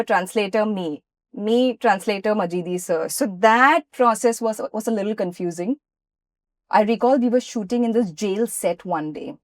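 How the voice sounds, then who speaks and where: A woman from India, an actress being interviewed, who tells lively anecdotes and acts out what people said. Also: fairly high pitch, no room sound, studio quality. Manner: lively anecdotes, often acting out quoted dialogue. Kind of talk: interview storytelling.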